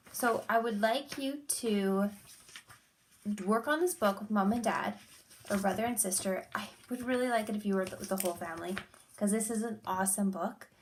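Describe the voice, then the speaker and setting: A woman teacher with a voice of ordinary pitch addresses young students. She speaks gently and encouragingly, slowing down to pose simple questions and urging them to review a booklet at home with family. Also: a little hiss or hum. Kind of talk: reading aloud and talking to students.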